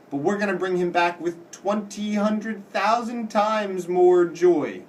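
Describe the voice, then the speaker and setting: A man giving a casual lecture as a teacher, explaining in plain words and reading quoted lines slowly with dramatic weight. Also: high voice, far from the mic, a little hiss or hum. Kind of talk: casual classroom-style lecture.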